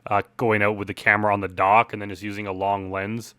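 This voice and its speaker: A man talks casually through a commentary track on his own film, rambling and leaning on fillers. His low voice has a bright, forceful edge. The sound is close and dry. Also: quick pace, clean tone, dry recording. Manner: relaxed, rambling, heavy on "like" and "uh". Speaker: film director. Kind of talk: director commentary.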